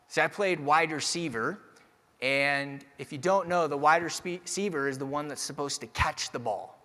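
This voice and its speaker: A young man giving a motivational keynote speech, moving from personal storytelling to energetic calls to the audience. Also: fairly high pitch, moderate pace. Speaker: keynote speaker. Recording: long hall reverb.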